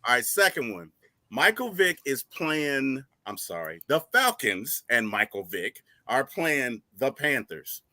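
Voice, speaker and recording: A man hosting a casual fan talk show, telling stories in an animated way. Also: mid-range voice, unhurried, no room sound. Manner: animated storytelling, rising to excited shouts. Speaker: podcast host.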